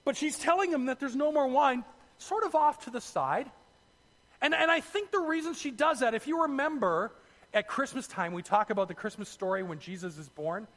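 A man preaching a sermon, telling the story in a lively way with asides to his listeners. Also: extremely high pitch, moderate pace, in a large hall. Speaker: pastor.

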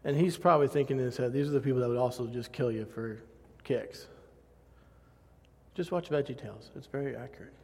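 A man's voice: mid-range voice, fairly quick, gravelly, a little mellow, slight background noise. A man preaching a sermon and telling a self-mocking personal story, laughing often. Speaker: pastor. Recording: long hall reverb.

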